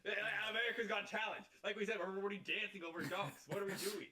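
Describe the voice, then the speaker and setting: A man co-hosting a casual sports podcast, talking in a wry, mocking, animated way. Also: high-pitched, quick pace. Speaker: podcast co-host.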